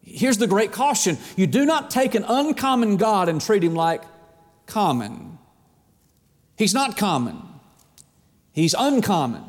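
A middle-aged man preaching a sermon in an animated way, acting out the voices of God and of people. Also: high-pitched, unhurried, long pauses, long reverb tail.

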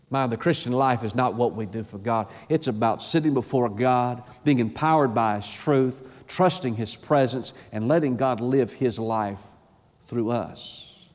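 A man preaching a sermon in an emphatic, repetitive way, his pitch climbing high and falling low. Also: a little mellow, big-room sound. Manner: emphatic, repeats words, rises and drops sharply in pitch.

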